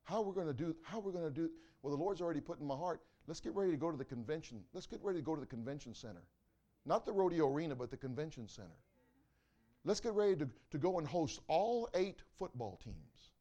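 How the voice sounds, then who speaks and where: A man preaching a sermon as pastor, swinging from loud exclamations to quiet asides. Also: fairly high pitch, expressive, fast, lo-fi sound.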